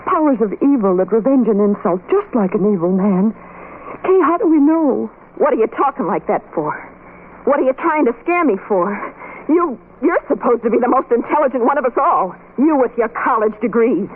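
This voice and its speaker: Actress as young woman, anxious and pleading, high lively voice; old radio drama, phone-thin with faint hiss. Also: a little fast, lightly acted. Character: frightened young working women arguing. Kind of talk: 1930s radio acting. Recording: tinny hissy old radio broadcast.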